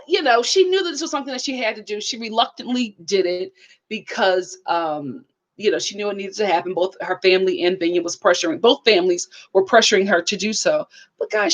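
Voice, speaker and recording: A woman talks straight to her viewers in a lively, preachy way while she reviews a reality show. Her voice sits a bit high, and she keeps the tone of a casual live chat. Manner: animated, preachy, addresses viewers directly.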